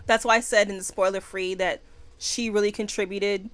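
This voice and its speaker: Easygoing co-host, woman, mid pitch, frank conversational tone. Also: moderate pace. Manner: relaxed, plain-spoken, occasionally swears. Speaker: book podcast co-host. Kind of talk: casual book review chat.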